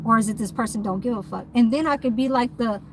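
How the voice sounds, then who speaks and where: A woman's voice: a little high, quick pace, noisy background. Blunt, profane woman ranting from her car. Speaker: vlogger and mobile nail tech. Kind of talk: casual ranting vlog. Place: parked car.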